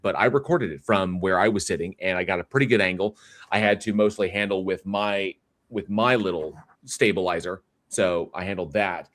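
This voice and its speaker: A man hosting a livestream chats casually and ramblingly in a low, fairly bright voice, reading viewer comments aloud and often restarting sentences with fillers. There's no room sound.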